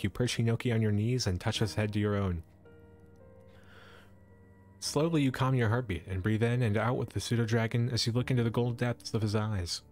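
A man's voice: lowish voice, a little mellow. Brief: male streamer narrating a storybook, casual jokey asides, faint music under him. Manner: playful asides and laughs between narration. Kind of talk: reading a storybook aloud to a live stream.

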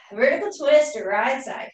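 A woman teaching a live yoga class, cueing poses calmly while doing the flow herself and running out of breath. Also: a little high. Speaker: yoga instructor. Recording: roomy echo from far off the mic.

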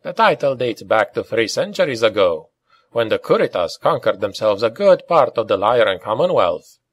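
A man voicing a big, earnest Scottish male officer with a deep, gruff voice in an audiobook reading. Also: big pitch swings, normal speed, no echo. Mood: explaining. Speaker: mercenary major.

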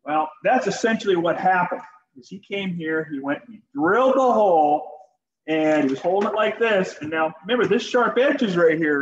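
A man's voice: high voice, reverberant, highs cut off, slight background noise. A man teaching a shop class in a folksy, joking way while demonstrating tools. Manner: folksy, joking, talks to students directly. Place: school workshop.

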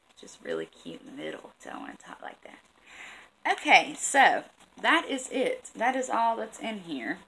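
A woman's voice: on the low side, vocal fry, fairly bright tone, slight background noise, poor audio. A young adult woman vlogger chatting casually through a beauty product review, rambling with asides.

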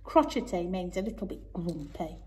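A woman teacher reading a picture book aloud to young children, gentle, asking them questions and often dropping to a whisper. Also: on the low side, lively intonation, moderate pace. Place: home, remote lesson.

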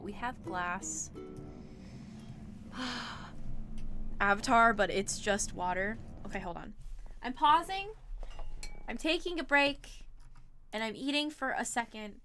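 A young woman streaming a game, chatting casually, reading chat aloud and poking fun at herself. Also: on the high side. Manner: chatty, self-deprecating, reads chat aloud.

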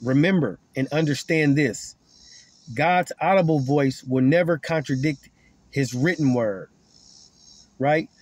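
A man's voice: fairly high pitch, measured pace, long pauses, darkish tone, dry recording. A man giving an informal Bible teaching, earnest and repetitive, often stumbling over and repeating his words. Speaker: online preacher.

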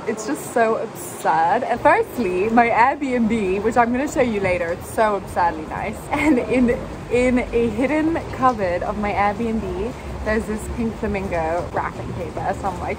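A young woman vlogging on her phone while walking around a city, chatty and excitable, with lots of "like"s and laughter. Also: medium pitch. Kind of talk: casual travel vlog talk. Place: out and about in a city, in and out of doors. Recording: phone vlog with clear street noise. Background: street and traffic noise.

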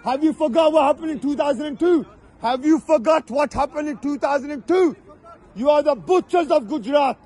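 A man's voice: very high-pitched, brisk. A man at an outdoor street protest, heckling opponents with short repeated taunts and then addressing the crowd with a fiery speech. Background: shouting crowd and passing traffic.

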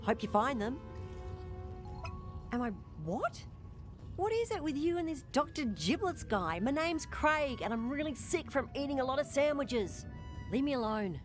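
A man's voice: extremely high pitch, very animated, a little slow, music in the background, heavily acted. An actor playing a flustered, apologetic alien man who feels sick from overeating. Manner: flustered, apologetic, awkward laughs. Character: nervous sandwich-stuffed alien man.

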